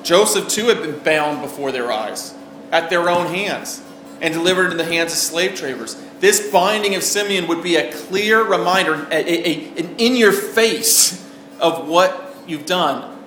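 A man's voice: fairly high pitch, a little slow, fairly bright tone. A man preaching a sermon in an earnest way, asking the listeners questions as he goes. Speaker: pastor. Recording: roomy echo with faint background noise.

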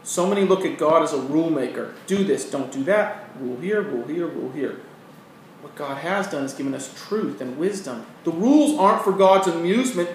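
Preaching man in a very echoey room. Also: high-pitched. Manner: earnest preaching with rising emphasis and quiet asides. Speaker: pastor. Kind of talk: sermon. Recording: very echoey room, mic at a distance, faint noise.

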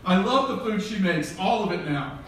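A man's voice: high voice, expressive, moderate pace, a bit bright, slight background noise. A middle-aged man preaching a sermon as pastor, telling a humorous story and acting out the dialogue. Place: church sanctuary. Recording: very echoey church hall from far off.

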